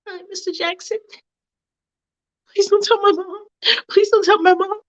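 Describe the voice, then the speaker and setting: A woman voicing a timid teenage girl who pleads in a high, whiny voice. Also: big pitch swings, a little slow, creaky, lo-fi sound, full character voice. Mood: pleading.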